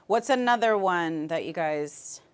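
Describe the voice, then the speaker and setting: A woman teaching a language class, patiently modeling words and repeating them slowly for her students. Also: on the low side, lively intonation, clear, resonant tone.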